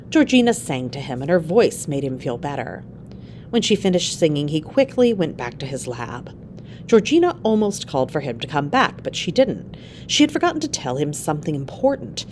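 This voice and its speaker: A woman narrating an easy-to-read adapted story aloud, with expressive, clear storytelling. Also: low-pitched, moderate pace, slight background noise.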